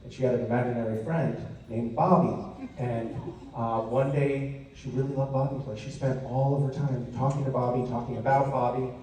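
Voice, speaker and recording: A man telling a family story on a convention stage, jumping into high voices to act out the people he quotes. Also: fairly even intonation, normal speed, dark tone, recorded from a distance, a little hiss or hum. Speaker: convention panel guest. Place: large convention hall, recorded from the audience. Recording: echoey hall audience recording from afar.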